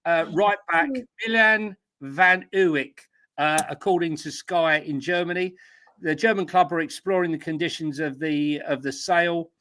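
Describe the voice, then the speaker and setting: Bright-voiced football podcast host. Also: male voice, a little high, normal speed. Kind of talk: casual football chat.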